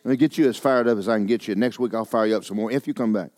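An older man, preaching a sermon in a church. He moves between loud, urgent preaching and quiet, joking asides. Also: fairly low pitch, rapid-fire, no echo. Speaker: pastor. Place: church sanctuary.

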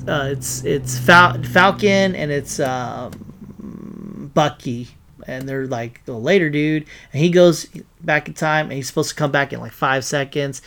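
A man's voice: mid-range voice, fairly bright tone. A man casually recapping and reviewing a movie in a rambling, profane, enthusiastic way.

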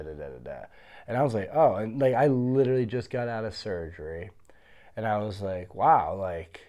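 A man who fights professionally, casually telling stories from his career and acting out what other people said to him. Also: mid-range voice. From Pennsylvania. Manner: animated, acts out the voices of others in his story. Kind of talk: casual storytelling.

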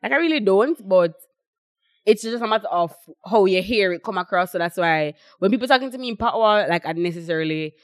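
A woman's voice: medium pitch, lively intonation, a little fast, no room sound, studio quality. A young woman with a Jamaican accent chatting casually on a podcast, rambling with lots of fillers and quoting what others say. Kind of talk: casual chat.

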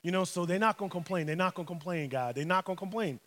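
A male pastor preaching a sermon in an animated, humorous storytelling manner in a church. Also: high voice, quick pace. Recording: long hall reverb.

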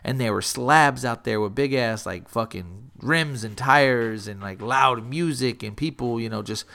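A man's voice: mid-range voice, unhurried, vocal fry. Brief: male podcast co-host, casual storyteller, swears freely, quotes people in character. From Texas. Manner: rambling, profane, acts out quotes with rising excitement.

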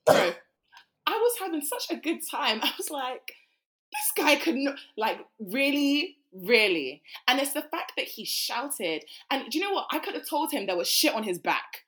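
A woman, co-hosting a podcast and telling a story in casual chat, animated and full of swearing. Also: sits high, normal speed. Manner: animated, swearing, mimics people. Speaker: podcast co-host.

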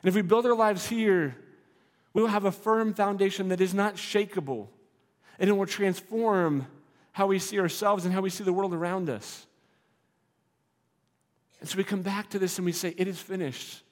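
A man's voice: high-pitched, normal speed, pauses often, in a large hall. A man preaching a sermon as a pastor, earnest and repetitive, building to emphatic declarations.

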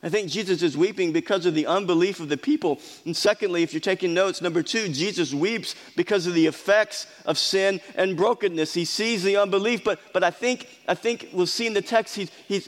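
A man preaching a sermon as pastor, earnest, often restarting and repeating words, sometimes dropping low and quiet. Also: long reverb tail.

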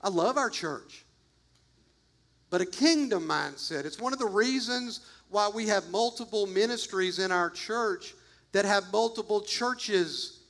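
A man's voice: high voice, fairly bright tone. A man preaching a sermon as pastor, emphatic and repetitive, talking straight to his congregation.

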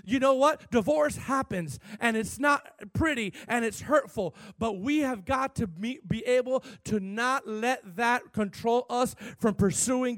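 A man, a pastor, preaching a sermon, swinging from shouted, fervent peaks to quiet, hushed storytelling. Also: very high voice, unhurried, few pauses, no echo.

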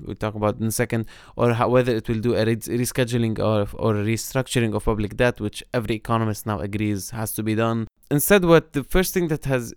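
A man's voice: medium pitch, clear, resonant tone, dry recording, clean studio sound. A man from Lebanon co-hosting a podcast, explaining economic news critically with many restarts. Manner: explanatory, critical, with frequent restarts and "you know". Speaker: podcast co-host. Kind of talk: casual political-economy discussion.

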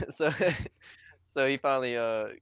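Young dude telling a crazy story, cussing a lot, laughing, dry close sound. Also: male voice, mid-range voice, slow pace, a bit bright, clean tone, no echo. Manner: profane, laughing, rambling anecdote. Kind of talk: casual storytelling among friends.

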